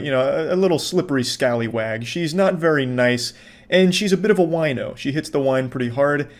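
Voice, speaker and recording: A man casually commenting on videos in a sarcastic, profane, deadpan way. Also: mid-range voice. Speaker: online commentator.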